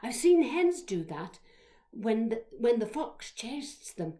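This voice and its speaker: This is a slow, fairly high-pitched woman's voice telling a childhood memoir. She reads expressively, alternating hushed whispering with loud exclamations.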